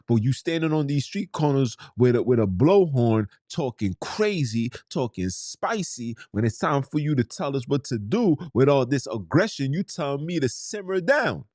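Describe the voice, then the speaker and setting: A man's voice: mid-range voice, very animated, normal speed, hardly any pauses, darkish tone, no echo, clean studio sound. A man, hosting a podcast in a blunt, heated, slangy monologue. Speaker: podcast host. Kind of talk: ranting monologue.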